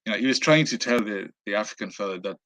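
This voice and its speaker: Low-voiced Irish man telling a story. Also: fast, a bit bright. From Ireland. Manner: rambling, many fillers and restarts. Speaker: travel vlogger. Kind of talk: casual anecdote telling.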